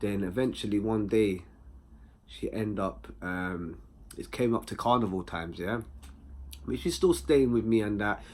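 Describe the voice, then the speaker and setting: A young man with a London accent telling a personal story in a slangy, animated way, full of tag questions. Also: on the low side, unhurried. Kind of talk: casual anecdote.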